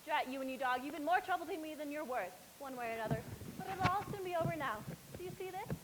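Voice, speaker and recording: A woman's voice: high-pitched, expressive, fast talker. A teenage girl playing a cruel, gloating witch on a school stage, taunting in a mock-sweet voice. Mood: menacing. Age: teens. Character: cruel scheming witch woman, gloating and menacing. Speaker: student actor. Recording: noisy stage recording.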